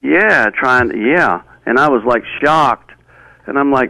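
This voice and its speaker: Gravelly-voiced man telling his story. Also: medium pitch, expressive, pushed and bright, dry recording, poor audio. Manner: halting, many fillers and restarts. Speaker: interview guest. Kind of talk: personal storytelling.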